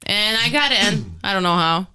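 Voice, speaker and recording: A young woman from Europe, a guest comedian telling stories in casual chat, animated and swearing freely as she acts out what people said. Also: medium pitch, normal speed, clean tone, low-quality recording.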